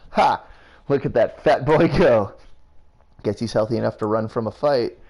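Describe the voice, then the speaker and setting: A man reading aloud and voicing a tough, vulgar old grandmother who fiercely protects her granddaughter, in a gruff rural drawl. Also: fairly low pitch, fairly even intonation, quick pace, a little mellow. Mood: gloating.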